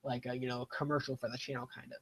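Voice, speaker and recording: A man's voice: mid-range voice, level tone, racing, creaky, a bit bright. A young man chatting casually during a live game stream, rambling and self-deprecating as he plays. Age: young adult. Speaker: gaming streamer. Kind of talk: casual live-stream commentary while playing.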